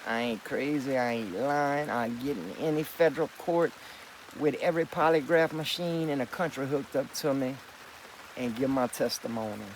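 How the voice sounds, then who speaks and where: A man's voice: medium pitch, moderate pace, a little hiss or hum, poor audio. A man vlogging in a rambling, profane, emphatic monologue, calling listeners partner and boy. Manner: folksy address with "partner" and "boy".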